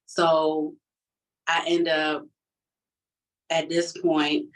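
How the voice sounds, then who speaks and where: A woman with a low voice tells her personal testimony, candid and emotional, with plenty of casual fillers. She sits a fair way back from the microphone, so the sound is distant. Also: completely flat delivery, drawn-out words. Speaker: person giving a church testimony.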